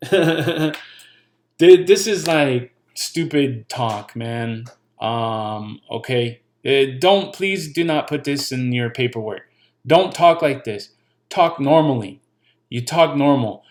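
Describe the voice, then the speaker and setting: Casting: laid-back man, mid-range pitch, blunt, jokey explainer who repeats himself. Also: expressive, slow pace. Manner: blunt, joking, repeats himself, swears casually. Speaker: channel host giving legal pointers. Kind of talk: casual explainer with commentary.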